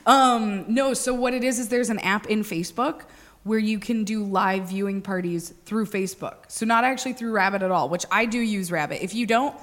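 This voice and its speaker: A woman's voice: mid-range voice, normal speed, a bit bright. Young woman podcast cohost, loose and chatty, swears, laughs a lot. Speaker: podcast co-host. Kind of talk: casual chat.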